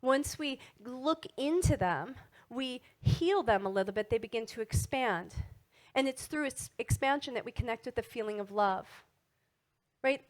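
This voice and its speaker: A middle-aged woman giving a motivational wellness talk to an audience, animated and asking frequent tag questions. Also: on the high side, moderate pace. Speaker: wellness speaker.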